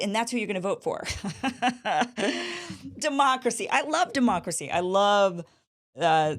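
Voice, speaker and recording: Sarcastic woman political commentator, low-pitched. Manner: sarcastic and mocking; animated, with mock voices of opponents. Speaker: show host.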